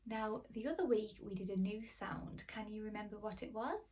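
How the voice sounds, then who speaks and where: A woman teaches phonics to young children, coaxing sounds in a bright, sing-song, encouraging way. Her voice sits in a middle pitch and comes from a little way off the microphone, with gasps of pretend surprise as part of her teaching manner. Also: moderate pace, far from the mic. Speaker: primary school teacher.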